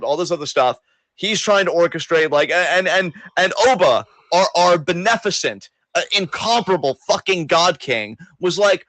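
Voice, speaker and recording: A man's voice: sits high, lively intonation, moderate pace, fairly bright tone, no room sound, rough recording. A man co-hosting a wrestling podcast, ranting in a casual, sarcastic, exasperated way and swearing often. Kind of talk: casual profane wrestling rant.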